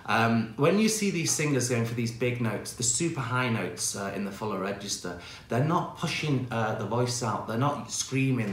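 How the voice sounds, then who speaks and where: A man teaching singing, explaining exercises in a relaxed, chatty way full of fillers, speaking into a microphone in front of him. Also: mid-range voice, a little hiss or hum. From England. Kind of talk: online singing lesson. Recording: echoey room with faint piano.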